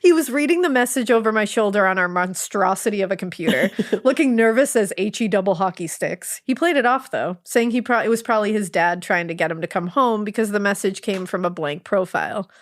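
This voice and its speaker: A woman's voice: mid-range voice, expressive, a little fast, hardly any pauses. A woman podcast co-host reading a listener's story aloud in a sarcastic, swearing, laugh-prone way. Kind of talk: casual storytelling read-aloud.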